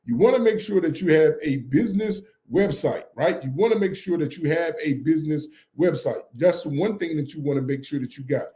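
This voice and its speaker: A man co-hosting a podcast, teaching in an energetic, emphatic way and repeating his key points again and again. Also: a little high, a little fast, few pauses, roomy sound. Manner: repetitive and emphatic, drills points over and over. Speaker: podcast co-host teaching business credit. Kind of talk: energetic live-stream teaching.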